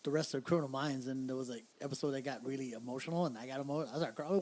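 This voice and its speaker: A man's voice: mid-range voice, racing, darkish tone. A man co-hosting a casual podcast chat, joking around and giggling often. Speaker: podcast co-host.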